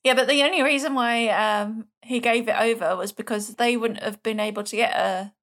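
A woman's voice: a little high, steady tone, moderate pace, a bit bright. A woman co-hosting a true crime podcast, chiming in with short interjections and teasing, casual banter. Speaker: podcast co-host. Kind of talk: casual chat.

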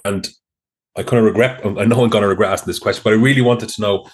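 A male podcast host with a low voice who asks his questions hesitantly. He hedges and apologizes before getting to the point. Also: fairly even intonation, fast talker. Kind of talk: interview questions.

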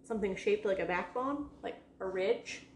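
Indoors at a rented house, a woman vlogs in a casual chat, her New England accent coming through as she restarts often and leans on fillers. She talks at normal speed in a mid-range voice, over a slight hiss or hum.

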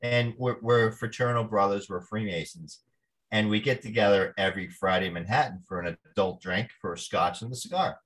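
Animated New man telling stories. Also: lowish voice, brisk. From New Jersey. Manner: animated storyteller, acts out quoted voices. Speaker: actor guest. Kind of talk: storytelling interview.

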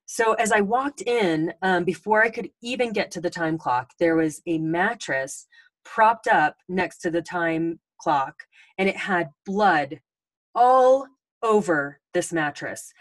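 Woman, 40s, podcast host; casual storyteller, filler-heavy, low register, dry close mic. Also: lively intonation, slow, no echo. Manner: chatty, with many ums and restarts.

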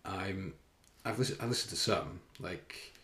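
Low-voiced man rambling in a roomy echo. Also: animated, measured pace, sharp tone. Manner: rambling and self-conscious, with frequent fillers and swearing. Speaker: fitness coach and podcast host. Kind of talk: casual solo podcast chat. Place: room indoors, filming himself.

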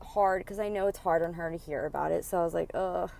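Excitable young woman podcast host. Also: on the low side, quick pace, creaky. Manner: swearing, filler-heavy, excitable. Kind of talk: casual storytelling.

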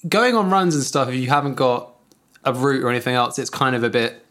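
A man's voice: mid-range voice, expressive, brisk, fairly bright tone. A man hosting a casual comedy podcast, joking around and reading out listener prompts. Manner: jokey, laughs often, reads listener prompts. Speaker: podcast host.

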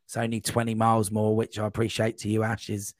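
A man guest on a podcast, telling a long, rambling running anecdote in a casual, animated way. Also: fairly low pitch, quick pace, dry recording. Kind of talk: casual storytelling.

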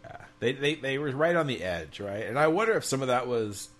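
A man co-hosting a casual podcast chat, animated and profane, laughing often. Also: mid-range voice, fairly quick. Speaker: podcast co-host.

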